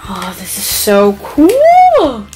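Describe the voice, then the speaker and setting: A young woman vlogger talks slowly through an excited unboxing, her voice a little high. She keeps gushing over each item in breathless exclamations. Music plays clearly underneath. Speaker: beauty vlogger.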